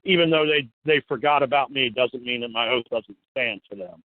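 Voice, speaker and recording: Man, rambling, swears freely, mid-pitched, dry tinny phone-like sound. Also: fairly quick, dry recording. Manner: rambling, swears, acts out officials' lines. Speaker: guest, citizen journalist. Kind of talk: casual talk-show chat.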